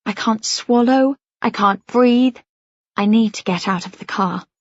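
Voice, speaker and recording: A woman's voice: on the high side, unhurried, no echo. A woman narrating a first-person novel as an audiobook, reading expressively and anxiously. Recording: dry, slightly dull studio sound.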